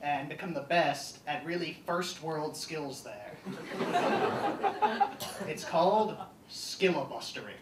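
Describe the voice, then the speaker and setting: A young man doing a stand-up comedy set, deadpan and halting with many ums, on a live comedy stage. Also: on the high side, very noisy. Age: young adult. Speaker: student stand-up comic. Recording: echoey hall, distant mic, audience laughter.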